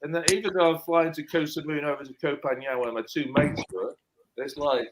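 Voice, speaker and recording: A man's voice: a little high, a little fast, low-quality recording. A man in his fifties, telling a story in casual chat and hamming it up for effect. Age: 50s. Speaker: panel guest.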